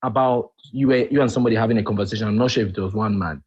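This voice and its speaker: A man's voice: lowish voice, very fast, darkish tone, slightly rough. A man calling in to a live talk stream, indignant and firing rhetorical questions. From family in Nigeria. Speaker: caller. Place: lives in the UK. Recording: muffled lo-fi call audio.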